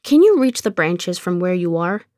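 A woman's voice: fairly low pitch, very animated, moderate pace, dark tone, no echo, clean studio sound. A woman reading aloud and voicing a cheeky, persuasive young neighbor boy who coaxes and teases. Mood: coaxing. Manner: coaxing, pleading, teasing. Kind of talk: audiobook character reading.

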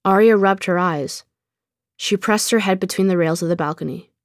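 A woman narrating an audiobook story in a calm, measured storytelling manner. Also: medium pitch, dry recording, studio quality.

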